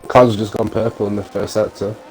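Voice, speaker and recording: A man's voice: lowish voice, level tone, fairly quick, over music, poor audio. A man co-commentating a sim racing league, reacting to the action with short exclamations.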